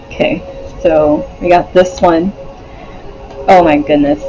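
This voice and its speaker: A man's voice: on the high side, fairly even intonation, slow, mellow, muffled recording, soft background music. A man doing a casual pick-a-card tarot reading, rambling with many fillers, swearing and laughing often. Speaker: tarot reader.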